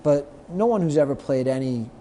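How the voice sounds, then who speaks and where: Middle-aged male guest, mellow voice, animated storyteller who acts out quotes, faint noise behind. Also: a little high, normal speed. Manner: lively anecdotes, acts out quoted lines. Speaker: guest, sports marketer. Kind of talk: storytelling in a podcast interview.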